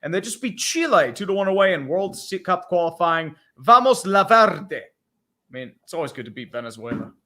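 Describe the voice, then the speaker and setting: Male podcast co-host, bright high voice, playful and mocking. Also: expressive, fairly quick. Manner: joking, laughs a lot, teasing. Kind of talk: casual sports chat.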